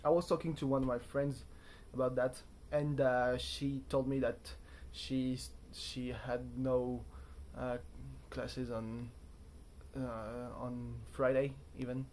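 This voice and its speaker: Slow-paced, with a darkish tone and little pitch movement, the young man's mid-range voice comes through slight background noise. He vlogs casually from a hotel room, rambling to camera, chatting, making fun of himself and chasing tangents.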